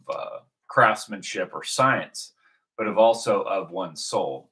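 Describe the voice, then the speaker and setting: Bright-toned man in a rambling monologue. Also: fairly low pitch. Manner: rambling, many restarts and fillers. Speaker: video host. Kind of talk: unscripted religious monologue.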